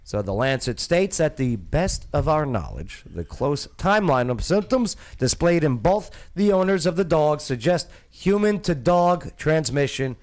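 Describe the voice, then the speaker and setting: A man's voice: on the high side, very animated, measured pace, hardly any pauses, a little mellow. A man hosting a casual comedic talk show, reading news articles aloud and breaking off for jokes and laughs. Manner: reads articles aloud with joking asides and laughs. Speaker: show host.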